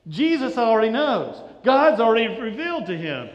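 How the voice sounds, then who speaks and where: A man with a high, light voice preaches a sermon, retelling the story in an easy, conversational way. He slips into the voices of the people he describes. His words ring out with the long echo of a large hall. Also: big pitch swings, normal speed, dull audio. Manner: conversational storytelling, acts out quoted lines. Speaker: pastor. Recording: echoey hall.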